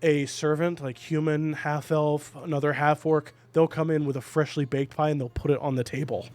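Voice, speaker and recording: A man's voice: fairly high pitch, steady tone, moderate pace, darkish tone. A man narrating as game master of a tabletop game, casual and chatty with many fillers.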